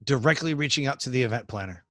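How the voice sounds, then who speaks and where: Energetic male speaking coach, bright forceful tone, close dry sound, casual interview. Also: mid-range voice, fast talker, dry recording. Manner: energetic, storytelling, acts out quoted dialogue.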